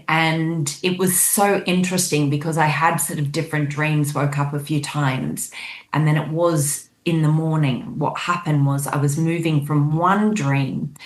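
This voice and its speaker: Woman guest, low voice, animated dream storyteller, echoey room. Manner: lively storytelling, acting out the people in her dream. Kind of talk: recounting a dream in conversation.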